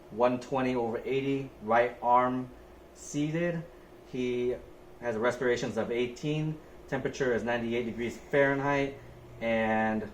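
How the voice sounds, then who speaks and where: A young adult man, a nurse, talking through a physical assessment step by step in a methodical way. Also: medium pitch. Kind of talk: narrated skills demonstration. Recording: echoey room, faint background noise.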